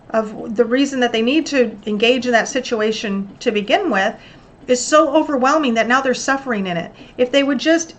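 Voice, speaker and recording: A woman hosting a motivational self-help talk, coaching listeners earnestly and acting out little examples. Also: fairly high pitch. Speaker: host.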